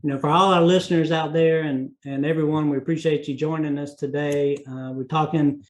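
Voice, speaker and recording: A man's voice: fairly high pitch, steady tone, a little fast, low-quality recording. Southern-accented man hosting a podcast. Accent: Southern US, North Carolina. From North Carolina. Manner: folksy, meandering, with many fillers. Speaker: podcast host. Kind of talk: casual interview chat.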